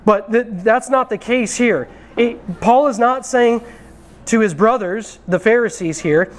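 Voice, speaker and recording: A man's voice: high voice, moderate pace. A man preaching a conversational sermon from the pulpit, talking straight to the congregation and calling them brethren. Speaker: pastor. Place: church sanctuary.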